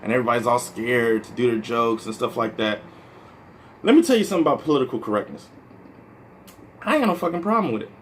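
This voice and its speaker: A man's voice: mid-range voice, expressive, quick pace, pauses often, slight background noise. A man from the American Midwest, a stand-up comedian, talking in a casual, rambling vlog monologue full of "like" and "you know" and some swearing.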